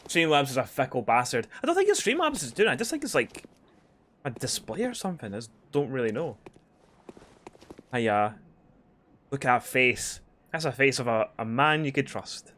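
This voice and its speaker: A man's voice: mid-range voice, big pitch swings, moderate pace, a bit bright. A man streaming a video game, chatting casually, rambling and swearing with lots of filler words. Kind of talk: casual live-stream commentary.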